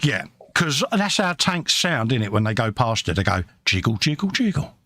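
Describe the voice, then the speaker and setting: A middle-aged British man co-hosts a live modelling stream, building a model kit and reading chat messages aloud while chatting casually and poking fun at himself. His medium-pitched voice is very animated, pushed and bright, at normal speed.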